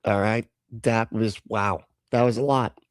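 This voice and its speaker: A man's voice: fairly low pitch, steady tone, measured pace, dry recording, studio quality. Sarcastic man reacting on a live stream. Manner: sarcastic, laughing, swearing, mocking the clip. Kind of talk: casual live reaction commentary.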